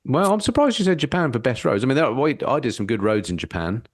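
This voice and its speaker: A man's voice: medium pitch, sing-song, fast talker, no room sound, studio quality. A man with a well-spoken English accent, a guest on a podcast, chatting casually and articulately and often adding tag questions.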